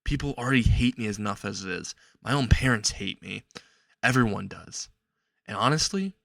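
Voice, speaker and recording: A man's voice: lowish voice, creaky, fairly bright tone, no room sound, studio quality. A man voicing a lonely, tearful teenage boy who stammers and pleads, in a homemade fan-fiction story. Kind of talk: improvised fan-fiction narration.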